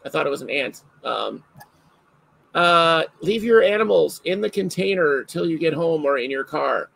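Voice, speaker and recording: A man hosting a casual chat, telling stories in an animated way and laughing often. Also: on the high side, normal speed, vocal fry, no echo, low-quality recording.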